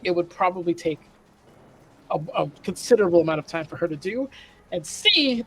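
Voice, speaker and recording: High-voiced man running a tabletop game. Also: poor audio. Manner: casual, thinks aloud with fillers. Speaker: dungeon master. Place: home streaming setup.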